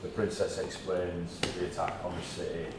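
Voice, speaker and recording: A man narrating a tabletop game as game master, relaxed and rambling with ums. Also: low voice, normal speed. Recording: echoey room, mic far off, noisy.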